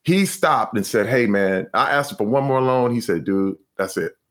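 Male guest, former athlete, expressive storyteller who acts out his own quotes, wide pitch swings. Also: normal speed. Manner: animated, acts out his own past lines. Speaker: guest, former pro football player. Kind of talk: personal storytelling in an interview.

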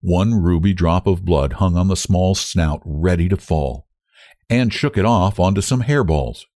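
A man reading a story aloud as narrator, in an expressive, dramatic manner. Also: low-pitched, measured pace, dry recording, clean studio sound. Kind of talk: scripted narration.

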